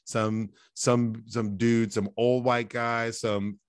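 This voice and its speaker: A man's voice: medium pitch, little pitch movement, slow pace, clear, resonant tone, dry recording. A man hosting a casual podcast, telling profane, rambling stories full of restarts. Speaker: podcast host.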